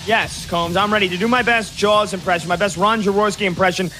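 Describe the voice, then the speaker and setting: Male sports radio host, casual joking talk, higher voice, faint music under it. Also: steady tone, bright, forceful tone. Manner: chatty, joking, quick to do impressions.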